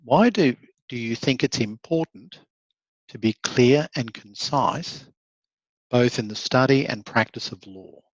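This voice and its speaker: A man teaches law in an online session. He reads out comments from his students and answers them warmly, often laughing as he goes. His voice sits at an ordinary pitch, and the recording is dry and a little muffled. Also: lively intonation, measured pace, no room sound. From Australia. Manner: encouraging, conversational, laughs often. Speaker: law lecturer. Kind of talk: online lecture, reading student chat comments aloud.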